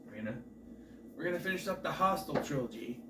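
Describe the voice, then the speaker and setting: A man's voice: on the high side, expressive, fast, noisy background. A man casually reviewing a horror movie, rambling and offhand, swearing freely as he recaps the plot.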